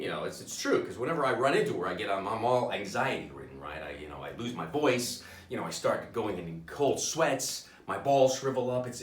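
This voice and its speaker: A man doing a stand-up comedy set, self-deprecating and halting, with many restarts. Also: lowish voice, echoey room, distant mic, slight background noise.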